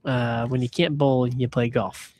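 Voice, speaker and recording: A man's voice: medium pitch, little pitch movement, a little slow, darkish tone. A man co-hosting a podcast in teasing, playful casual banter. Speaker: podcast co-host. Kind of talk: casual chat.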